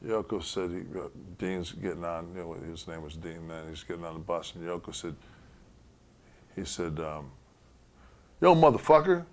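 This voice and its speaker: Very deep-voiced blunt man. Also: flat delivery, moderate pace. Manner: blunt, heavy swearing. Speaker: interview guest. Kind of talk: casual storytelling interview.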